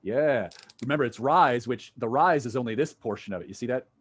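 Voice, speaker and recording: A man's voice: mid-range voice, brisk, slightly rough. A man lecturing a physics class, casual and jokey, thinking aloud as he works through problems with students. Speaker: physics instructor.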